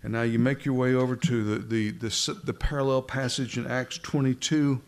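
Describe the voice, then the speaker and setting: A man's voice: mid-range voice, steady tone, a little fast. Male preacher, mid-range voice, talks to the room casually, stumbles and restarts often. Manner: conversational, addresses listeners directly, frequent restarts. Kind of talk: sermon.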